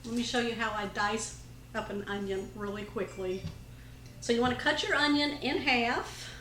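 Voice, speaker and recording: Woman cooking host, slightly high voice, friendly and chatty, walking viewers through a recipe, faint noise behind. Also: moderate pace, a bit bright. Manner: friendly, chatty, addresses viewers as you guys. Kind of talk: cooking demonstration. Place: home kitchen.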